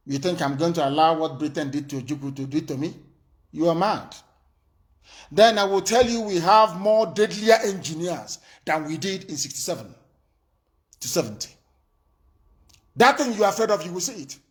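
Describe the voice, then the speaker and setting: Male broadcaster, fiery defiant address, slightly high-pitched, emphatic. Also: lively intonation, brisk. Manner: defiant, emphatic, with rhetorical questions. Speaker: political broadcaster. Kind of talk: impassioned political address.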